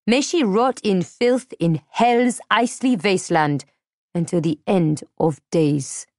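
A woman voicing a blunt, scornful young female captive who speaks in a harsh, flat way. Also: mid-range voice, takes it slowly, no room sound, clean studio sound. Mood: bitter.

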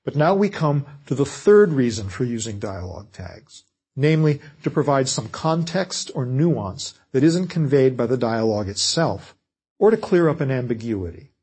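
A man lectures on fiction writing in a measured, explanatory way. His voice has a husky, slightly breathy edge, and his pitch sits in an ordinary middle range for a man. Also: expressive, darkish tone. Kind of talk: scripted lecture.

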